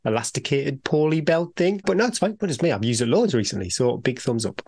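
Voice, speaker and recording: A co-host whose voice is hard to place as male or female talks casually in a mid-range pitch. They laugh easily, poke fun at themselves and often stumble over their sentences. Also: animated, brisk, darkish tone, breathy edge. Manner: laughing, self-deprecating, stumbling. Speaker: podcast co-host. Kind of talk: casual chat.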